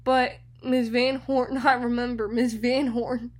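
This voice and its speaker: A young woman hosting a radio show, telling personal stories in an animated way and acting out other people's voices. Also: on the high side, slow. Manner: animated storytelling, acts out others' voices, repeats words.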